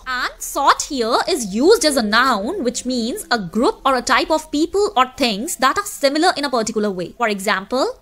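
Woman teacher walking kids through a story lesson, high lively voice. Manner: patient explaining, addressing kids. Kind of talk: explaining a story lesson to students.

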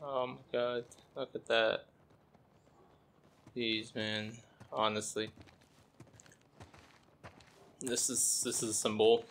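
Gravelly, exasperated young gaming commentator. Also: male voice, medium pitch, level tone, slow, fairly bright tone, a little hiss or hum. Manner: exasperated, groaning reactions, muttering. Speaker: gameplay streamer. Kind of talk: gameplay commentary.

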